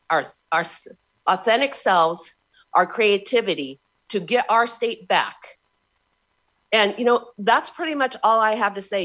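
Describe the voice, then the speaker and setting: A woman's voice: mid-range voice, sharp tone. A woman giving emotional, frustrated public testimony to a county board by remote call-in. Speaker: public commenter. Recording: dull lo-fi remote audio.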